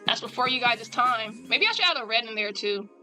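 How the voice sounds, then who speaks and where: A woman's voice: a little high, animated, fairly quick, sharp tone, soft background music, poor audio. A woman chatting casually and animatedly with her viewers while drawing live, in a rambling style.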